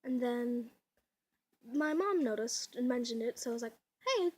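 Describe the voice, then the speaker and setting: A young woman chats into her camera at home, rambling through fillers and little laughs. Her voice is slightly high and breathy, and she admits it sounds a little off today. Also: normal speed, darkish tone. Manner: chatty, giggly, rambling with many fillers. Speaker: vlogger. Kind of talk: casual home vlog. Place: at home indoors. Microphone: camera mic.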